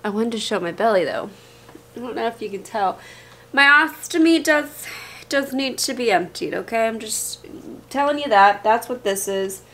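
A woman's voice: fairly high pitch, fairly bright tone. A young woman vlogging casually to camera, chatty and candid, with a rambling, open way of talking. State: tired and queasy, out of breath.

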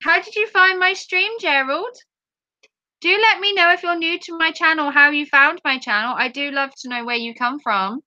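A woman's voice: sits high, normal speed, bright, forceful tone, dry recording, highs cut off. A woman from England with a Norfolk accent, chatting casually on a livestream and answering her chat aloud. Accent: Norfolk English.

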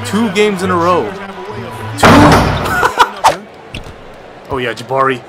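A young man commentating his own basketball video game, hyped up, shouting and half-singing at big plays. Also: a little high, animated, slow pace. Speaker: gaming YouTuber. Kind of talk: excited gameplay commentary. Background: background music.

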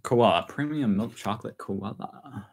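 A man's voice: medium pitch, a little slow, creaky, slightly rough, rough recording. A man hosting a casual live stream from home, chatty and self-mocking, laughing often. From United States. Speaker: channel host.

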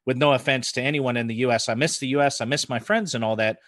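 A man in his forties from the United States with an American accent softened by New Zealand, chatting casually as a podcast guest and laughing often. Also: mid-range voice, steady tone, quick pace, no room sound, studio quality. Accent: American with New Zealand influence. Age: 40s. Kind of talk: casual chat.

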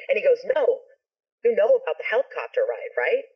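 Over dull, lo-fi video call audio, a woman guest who works as a ska musician and actor recounts a story in casual chat. Her fairly low, slightly rough voice moves at a quick pace, and she's animated, swearing freely and acting out quotes.

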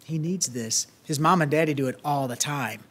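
A man with a Southern US accent delivers a sermon in a notably high voice. His delivery is folksy and earnest, full of small restarts and fillers. He sounds like a grandfatherly pastor talking to his congregation. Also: normal speed, noisy background.

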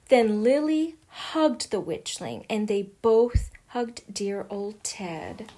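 Woman reading a rhyming storybook slowly. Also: on the high side, sing-song, dark tone. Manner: unhurried, sing-song rhyming delivery. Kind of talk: picture book read-aloud.

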